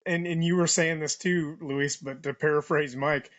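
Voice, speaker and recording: A man's voice: on the high side, fairly even intonation, moderate pace, fairly bright tone. Wry, laid-back male co-host. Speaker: podcast co-host, retired Marine officer. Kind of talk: casual podcast conversation.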